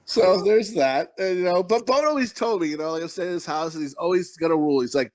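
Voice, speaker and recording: A man's voice: high-pitched, fast talker, a little mellow. A man co-hosting a podcast, rambling and joking crudely with his friends. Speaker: podcast co-host. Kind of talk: crude casual banter.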